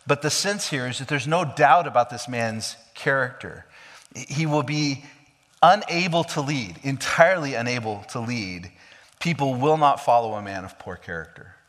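Male pastor, mid pitch, emphatic explanatory sermon delivery, long hall reverb. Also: fairly bright tone. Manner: explanatory, emphatic preaching with rhetorical questions.

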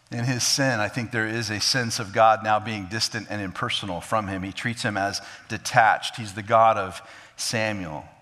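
An earnest male pastor preaches a sermon with a bright, forceful voice. He walks through the text and acts out its scenes, and his words ring in a long hall reverb. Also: fairly low pitch, steady tone, moderate pace.

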